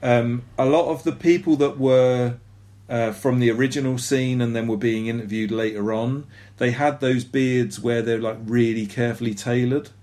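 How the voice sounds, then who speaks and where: A man's voice: medium pitch, steady tone, moderate pace, darkish tone. Rambling man chatting on a podcast. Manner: rambling, self-deprecating, many fillers. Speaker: podcast co-host. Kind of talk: casual chat.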